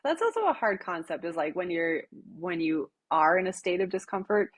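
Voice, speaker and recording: A middle-aged woman with a Wisconsin accent, talking casually as a podcast guest. Her voice is a little low and husky, and she fills her pauses with "um" as she works through her thoughts. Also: sing-song. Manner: many fillers and restarts, thoughtful. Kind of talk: casual interview chat.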